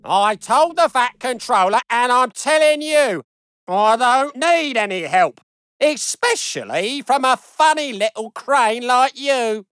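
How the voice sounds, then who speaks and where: A woman voicing a grumpy, proud male dockside crane who snaps gruffly in a storybook reading. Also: a little high, lively intonation, takes it slowly, fairly bright tone, dry recording, pitched above the performer's own voice. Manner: gruff, snappish.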